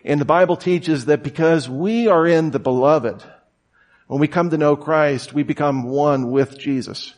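A man preaching a conversational sermon, telling stories casually with lots of fillers and acting out quotes. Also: unhurried. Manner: casual and storytelling, many "you know" and "like" fillers; acts out quoted voices with sudden high shouts. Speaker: pastor.

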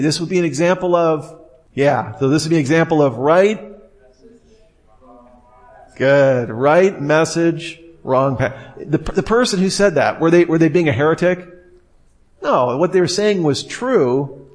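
A man teaching in a casual, conversational way, sometimes acting out what people might say. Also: fairly high pitch. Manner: conversational, animated, acts out quoted speech. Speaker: Bible teacher. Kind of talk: informal teaching talk.

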